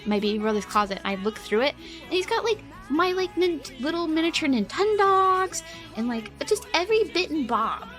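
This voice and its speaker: A woman's voice: a little high, a bit bright. A young woman streaming, telling a long family story in a rambling, giggly way, peppering every phrase with "like". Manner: rambling, giggly, heavy use of "like". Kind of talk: casual storytelling to a live chat.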